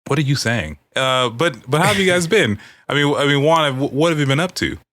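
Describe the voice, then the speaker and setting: A man's voice: on the high side, lively intonation, fairly quick, a bit bright, no room sound. A man hosting a casual podcast, joking and rambling with his co-hosts and laughing often. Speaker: podcast host.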